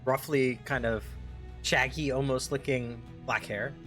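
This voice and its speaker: A man narrating as game master of a tabletop game, describing scenes in a halting way as he searches for words. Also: medium pitch, fairly even intonation, fairly bright tone, faint music behind.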